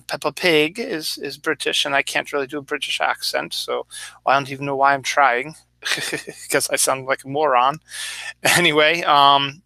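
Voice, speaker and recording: A man's voice: medium pitch, sharp tone, smooth, no echo. A man hosting his own show in a loose, rambling solo chat, acting out little asides as he goes. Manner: rambling, chatty, acts out little quoted asides. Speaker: podcast host.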